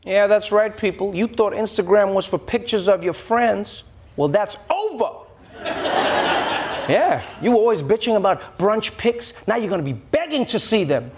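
A man delivering a comedy monologue as host, animated and mocking, slipping into shrill impressions. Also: unhurried, long pauses, heavy background noise. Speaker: late-night comedy host. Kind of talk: stand-up style monologue.

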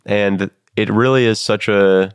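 A man's voice: on the low side, steady tone, measured pace, clean tone, no room sound, studio quality. A young man in his twenties, a comedian and guest, talking casually in a rambling, self-deprecating way with many fillers. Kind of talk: casual interview talk.

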